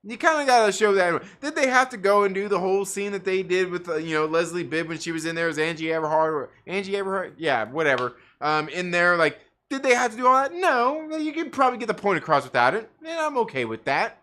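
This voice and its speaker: A man's voice: high-pitched, expressive, fast, hardly any pauses, bright, forceful tone. A man ranting in casual livestream commentary, profane and rambling, full of fillers and restarts. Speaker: livestream co-host; parent.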